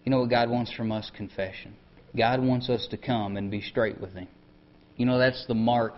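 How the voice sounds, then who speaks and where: A male preacher, giving a conversational sermon and often dropping his voice soft for emphasis. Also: medium pitch, fairly even intonation, normal speed, slight background noise. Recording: dull lo-fi recording.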